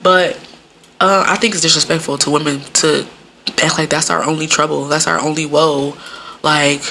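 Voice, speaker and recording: A young woman rambles through a casual, profane monologue, breaking into laughter and leaning on "like" constantly. Her voice sits low with a gravelly fry, yet it comes across bright and forceful. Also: steady tone, normal speed, slight background noise.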